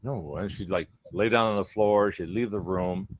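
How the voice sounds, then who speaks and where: A man's voice: low-pitched, moderate pace, a little hiss or hum. A man telling personal stories about his dogs in a casual, earnest chat, acting out their thoughts in quoted voices. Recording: dull lo-fi recording.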